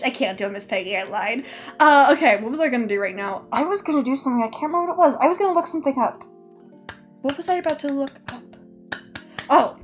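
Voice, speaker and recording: Excitable rambling woman streamer, high voice, lively swoops, faint music under it. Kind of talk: casual live-stream chat.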